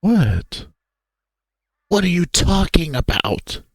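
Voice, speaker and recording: Guy doing a scared young lynx boy, loud whisper, high and shaky, dry close sound. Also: big pitch swings, slow pace, husky, dry recording, exaggerated voice. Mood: bewildered.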